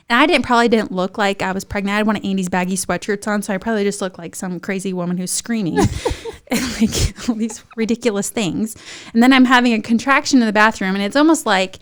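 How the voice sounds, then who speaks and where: A young woman, a podcast guest telling a funny story in a lively, animated way and acting out other people's voices. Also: brisk, clear, resonant tone. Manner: lively, acts out voices of others in high excited tones. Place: podcast studio.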